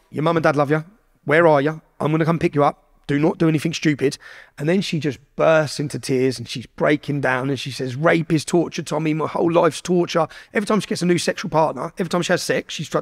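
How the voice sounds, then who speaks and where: A man from England, a podcast guest telling a story casually, with lots of swearing and quoted dialogue. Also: fairly high pitch. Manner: heavy swearing, animated retelling with quoted dialogue.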